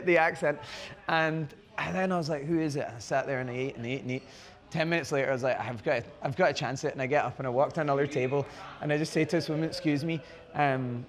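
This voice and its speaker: A Scottish man chats as a podcast guest, his voice slightly high. He tells stories with energy, acting out the voices of the people in them. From Crieff, Scotland. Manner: animated storyteller, acts out quoted dialogue. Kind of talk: casual conversation. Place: bar, live recording.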